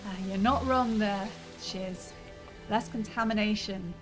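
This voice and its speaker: Woman streamer, chatty and musing, mid-pitched, over game music. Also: unhurried. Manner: chatty, musing aloud, frequent laughs. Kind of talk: casual gameplay commentary. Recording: game music playing behind.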